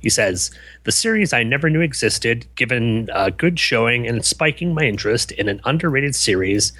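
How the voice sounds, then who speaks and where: A man co-hosting a podcast in casual chat, easygoing and wry, quick to laugh at himself. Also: mid-range voice, lively intonation, bright, forceful tone, dry recording. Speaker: podcast co-host.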